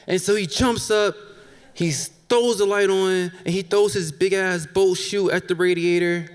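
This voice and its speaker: Animated male storyteller in a reverberant hall. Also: high-pitched, normal speed, clear, resonant tone. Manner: animated, acts out each person's lines in shifting voices. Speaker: live storyteller. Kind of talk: comic personal story told on stage. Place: theater stage before a live audience. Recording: long hall reverb from a live stage.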